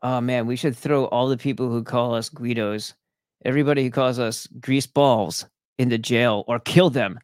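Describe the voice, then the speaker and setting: A man's voice: mid-range voice, fairly even intonation, moderate pace, clean tone, no echo, studio quality, close to an everyday voice. A man putting on an indignant Italian man who complains and demands revenge.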